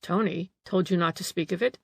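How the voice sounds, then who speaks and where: A woman reading an audiobook, voicing a small, gentle old male detective who questions politely. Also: lowish voice, brisk, vocal fry. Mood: pressing.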